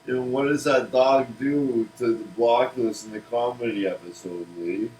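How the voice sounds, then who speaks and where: A man pitching a cartoon series in casual comedic chat, rambling and restarting words. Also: fairly even intonation, moderate pace, darkish tone, a little hiss or hum, poor audio. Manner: rambling, restarts words, laughs at own jokes.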